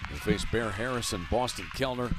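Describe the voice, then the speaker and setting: A man calling college baseball play-by-play with a brisk delivery that rises on big plays. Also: on the low side. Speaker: play-by-play announcer. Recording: noisy ballpark broadcast.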